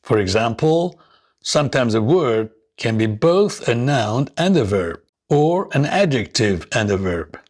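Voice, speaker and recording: Guy teaching english pronunciation, real slow and careful, saying words for you to repeat. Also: mid-range voice, sing-song, a little mellow. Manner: slow, deliberate, models words for repetition. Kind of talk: scripted lesson narration.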